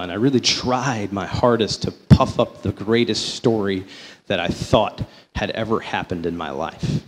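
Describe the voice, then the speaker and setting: A man sharing his faith testimony before an audience, telling it as a story that swings between slow, emphatic phrases and quicker runs. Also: on the low side, big-room sound, slight background noise. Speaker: company vice president giving a testimony.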